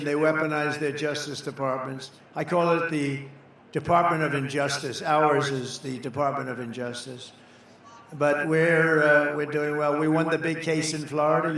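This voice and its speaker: A man speaks at a campaign rally in a high, bright, forceful voice. He rambles and hammers phrases by repeating them. His voice booms through a very echoey venue with a crowd behind him. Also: slight background noise. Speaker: political candidate at a campaign rally. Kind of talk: off-the-cuff rally speech.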